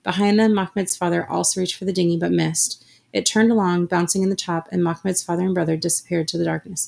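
A woman reading a story aloud in a steady, measured narration. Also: fairly low pitch, creaky. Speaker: audiobook narrator.

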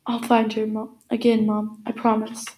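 A woman's voice: on the high side, monotone, moderate pace, darkish tone, lightly acted. A woman reading as a tearful teenage boy. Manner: blubbering, apologetic.

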